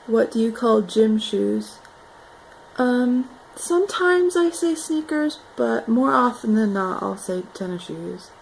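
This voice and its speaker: Slow-talking young woman, gravelly. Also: a little high, slight background noise, rough recording. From North Carolina. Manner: relaxed, rambling, says "like" and "um" often. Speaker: vlogger. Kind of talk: casual accent challenge vlog.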